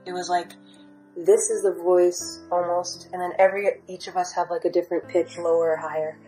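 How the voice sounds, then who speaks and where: A young woman tells her story in a loose, rambling way, stumbling over fillers and restarts. Her voice sits a little low and sounds soft and warm. Quiet guitar music plays faintly behind her. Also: level tone, brisk, rough recording. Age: young adult. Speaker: storyteller sharing a near-death experience. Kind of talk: casual first-person testimony. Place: at home.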